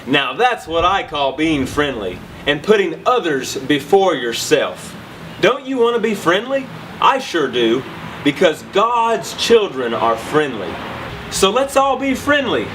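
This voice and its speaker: Man, children's Bible lesson host, upbeat, lively pitch, noise behind. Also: unhurried. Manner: upbeat, enthusiastic, leads call-and-response. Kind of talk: scripted kids' lesson.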